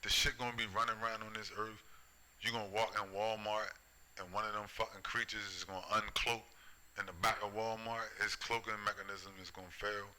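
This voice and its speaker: A middle-aged vlogger delivers a loose, unscripted, preachy and profane ranting monologue in a low, cutting voice with little pitch movement and a brisk pace. He circles back to the same phrases and keeps pressing the listener with "right?" and "you see?". The recording is low-quality, with slight background noise.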